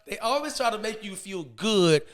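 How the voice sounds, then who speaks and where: A man hosting a podcast, chatting casually and reacting quickly to a guest's story. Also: high voice, lively intonation. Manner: quick reactions, laughs along. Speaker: podcast host. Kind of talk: casual chat.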